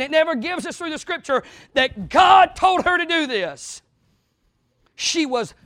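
A man preaching a sermon, his voice very high and bright. He drops to quiet acted-out quotes, then breaks into loud bursts. The sound is dry and close, with almost no room echo. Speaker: pastor. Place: church.

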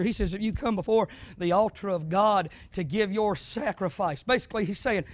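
High-voiced preacher swinging hushed to shouting. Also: male voice. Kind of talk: sermon.

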